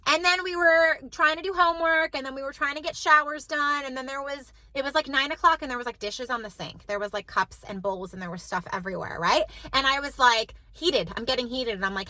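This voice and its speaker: A woman in her thirties tells a story to the camera, chatty and full of "like". Her voice is high and bright. The sound is close and dry. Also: fairly quick, hardly any pauses, no room sound, low-quality recording. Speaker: mom vlogger. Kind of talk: casual chat to camera.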